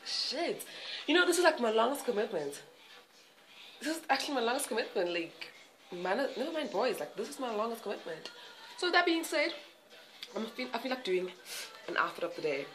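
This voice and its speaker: A young woman chatting casually in her vlog, excitable and rambling, with frequent giggles. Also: fairly high pitch, a little fast, pauses often, slight background noise. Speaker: vlogger.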